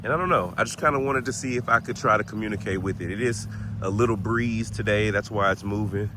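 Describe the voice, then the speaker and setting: Male vlogger, relaxed and chatty, lowish voice, outdoors with faint street sound. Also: fast talker, noisy background. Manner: laid-back, chatty, laughs often. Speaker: paranormal vlogger. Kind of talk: casual spoken vlog. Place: outdoors in a city cemetery.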